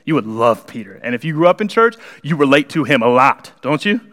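A man preaching a conversational sermon in a church, animated and acting out the people in the story. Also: mid-range voice, brisk. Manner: animated, conversational, acts out the characters. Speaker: pastor. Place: church sanctuary.

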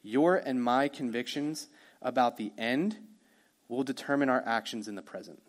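A man preaching a sermon as pastor, energetic and conversational, with quick asides to the congregation. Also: mid-range voice.

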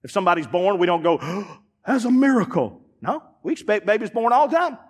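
A man pastor preaching a sermon in a folksy, emphatic way, dropping now and then to quiet asides. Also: sits high, big pitch swings, quick pace, big-room sound. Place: church sanctuary.

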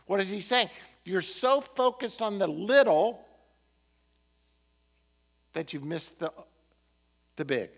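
A man preaching a sermon as pastor, impassioned, swinging from emphatic peaks to quiet, earnest moments. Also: high-pitched, animated, slow, pauses often. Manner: impassioned, rising to emphatic peaks then dropping to quiet prayer.

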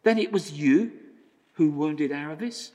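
An anxious young boy asking question after question, his voice pushed well up in pitch, as a male preacher puts him on. Every line lifts with alarm and trails off into the long reverb of a church hall. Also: a little slow, warm tone, lightly acted. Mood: bewildered. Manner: raised, questioning reading. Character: frightened boy, wondering and bewildered.

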